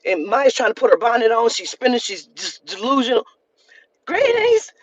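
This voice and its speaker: A woman's voice: a little high, lively intonation, fairly quick, slightly rough, low-quality recording. A woman vlogger telling an emotional story in a heated, profane rant, repeating lines for emphasis.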